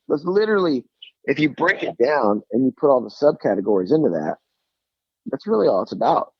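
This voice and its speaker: Male guest on a call-in, husky, dry, lo-fi line, earnest rambler. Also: mid-range voice, very animated, fairly quick, no room sound. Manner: rambling, earnest, peppered with "you know" and "like". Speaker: guest calling in. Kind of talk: casual phone interview. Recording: dull lo-fi phone call.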